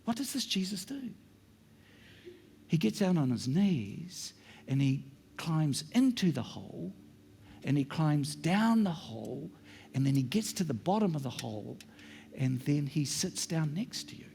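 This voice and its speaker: A middle-aged male pastor preaching a sermon in a church, sometimes dropping into hushed whispers for emphasis. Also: a little high, big pitch swings, measured pace, gravelly, slight background noise.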